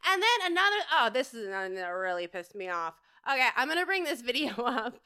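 A woman's voice: fairly high pitch, big pitch swings, quick pace, bright, forceful tone, smooth. A woman hosting her own podcast, delivering an angry, profane, rambling solo rant. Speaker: podcast host. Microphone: home podcast setup.

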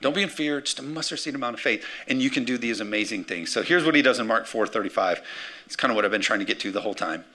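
A man preaching a sermon as pastor, energetic, calling for amens and acting out the words of scripture figures. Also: medium pitch, fast. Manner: energetic, calls for amens, acts out quotes.

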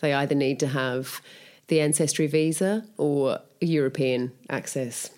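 A woman's voice: sits low, measured pace, a little mellow. An Australian actress in her thirties, chatting upbeat in an interview and laughing often. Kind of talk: casual interview chat.

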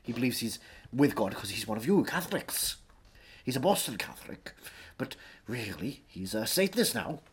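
A man doing a comedic impression of a pompous older Welsh gentleman, drawling and grandly repeating praise. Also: mid-range voice, sing-song, normal speed, breathy edge, full character voice. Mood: pompous, mock-grand. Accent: put-on Welsh. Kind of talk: comedic impression in casual chat. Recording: faint background noise.

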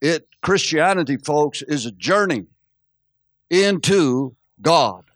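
A man's voice: a little high, slow pace, no echo, studio quality. A middle-aged man preaching a sermon as pastor, telling stories and acting out quotes with laughter. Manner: storytelling, animated, acts out quotes with laughs.

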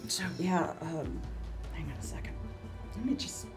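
A woman chatting at a tabletop game, her pitch swinging widely as she giggles and jokes. She speaks slowly, with music behind her. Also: lively intonation. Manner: giggly, playful. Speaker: player. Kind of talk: casual tabletop game chat.

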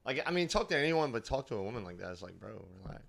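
A man co-hosting a podcast, relaxed in casual chat and keeping his comments brief. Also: mid-range voice, rapid-fire, gravelly. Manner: laid-back, brief reactions. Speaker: podcast co-host.

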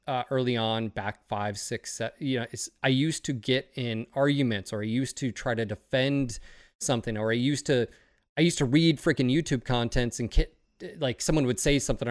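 A man's voice: mid-range voice, fairly quick, dry recording. Rambling, profane man on a dry mic. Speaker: streamer and podcast host. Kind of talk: casual podcast chat.

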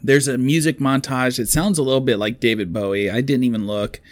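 A man retelling a film plot in easygoing chat, wandering through the story. His voice sits at an ordinary pitch for a man. The sound is dry and close. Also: steady tone, no echo. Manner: rambling storyteller, quick quotes of characters. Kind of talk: casual movie recap.

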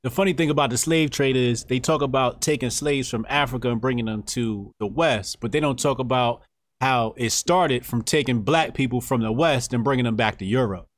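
A man in casual podcast talk, making measured arguments. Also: mid-range voice, no echo, studio quality.

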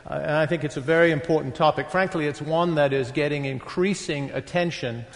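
On the high side, his voice carries the northeast English accent of his youth, softened by many years in the US. In his sixties and a guest speaker at a retreat, he talks haltingly and conversationally to a large hall's audience, with lots of fillers and self-deprecating remarks, and the recording rings with long reverb.

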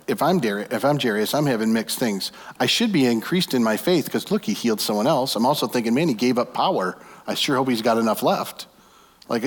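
A man preaching in a big reverberant hall, his voice trailing off into a long echo. He retells a scripture story with lively imagination and keeps asking his listeners rhetorical questions. His pitch sits in the middle range. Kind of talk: sermon.

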